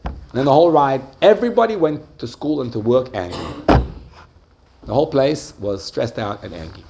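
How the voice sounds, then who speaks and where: Animated male teacher quizzing his class. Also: medium pitch, slight background noise. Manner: animated storytelling, rising excitedly and dropping softly. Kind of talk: lively lecture with questions to the audience.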